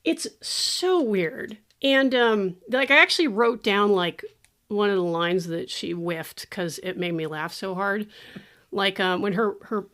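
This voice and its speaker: A woman hosting a podcast, chatting casually about a movie, animated and laughing often. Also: mid-range voice, unhurried. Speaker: podcast host. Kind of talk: casual movie-review chat.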